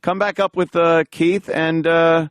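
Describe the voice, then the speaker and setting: A man's voice: a little high, flat delivery, a little slow, clear, resonant tone, no echo. A man hosting a radio show, reacting with easy laughs and short remarks. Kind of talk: casual radio chat.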